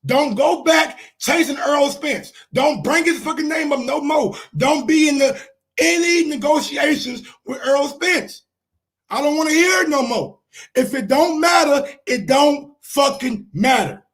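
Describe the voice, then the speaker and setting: Male sports host, very high voice, heated, shouty, repeats lines for emphasis. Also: unhurried. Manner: heated, repetitive, frequently shouting. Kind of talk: animated sports commentary.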